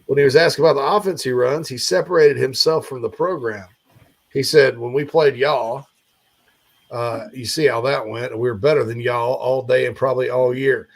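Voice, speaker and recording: A man's voice: mid-range voice, fairly even intonation, moderate pace. A man hosting a sports talk show, rambling casually with lots of fillers and restarts.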